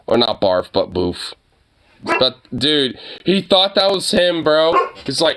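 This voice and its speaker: A man's voice: fairly high pitch, very animated, takes it slowly, background noise. A young man chatting casually to the camera and his dog, loose and profane, laughing often and full of fillers. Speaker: dog owner vlogger.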